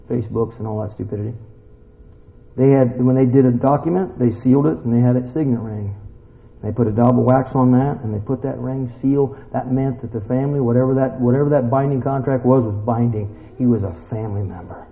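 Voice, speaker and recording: A man preaching a sermon in a church, animated and swinging from hushed asides to loud exclamations. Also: mid-range voice, gravelly. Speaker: pastor. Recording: dull lo-fi recording.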